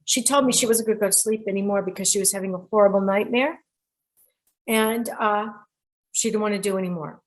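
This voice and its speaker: A middle-aged woman hosting a show about dreams, telling a client's story in a lively way and quoting people directly. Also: mid-range voice, a little fast. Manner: animated storyteller who quotes people directly. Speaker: radio show host and dream interpreter. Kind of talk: storytelling monologue.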